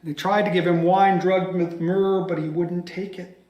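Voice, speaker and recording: A man, a pastor, telling a scripture story by heart with dramatic delivery, dropping some lines to a hushed whisper. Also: sits high, little pitch movement, moderate pace, lo-fi sound. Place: church. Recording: echoey church room.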